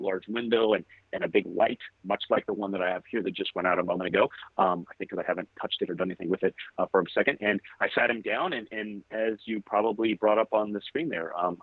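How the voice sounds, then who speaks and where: A man's voice: lowish voice, husky, no echo. Man on a tinny, dry call line. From California. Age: about 40. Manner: relaxed, rambling anecdotes. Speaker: photographer guest. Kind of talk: interview storytelling.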